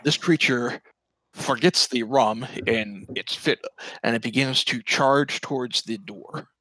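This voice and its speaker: A man running a tabletop game as dungeon master, describing scenes in a relaxed way. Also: medium pitch, slow pace, dry recording, low-quality recording.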